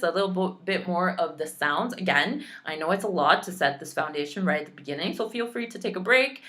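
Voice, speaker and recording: A woman's voice: lowish voice, lively intonation, a little fast, few pauses, a bit bright. A woman teaching a Spanish lesson online, pronouncing practice words carefully and adding chatty, playful asides.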